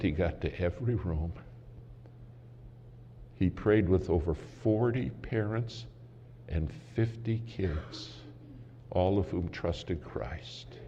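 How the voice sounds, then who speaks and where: A man preaching a sermon as a story, dramatic and swinging from loud to hushed, recorded in a large conference hall. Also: low-pitched. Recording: muffled hall recording with faint hiss.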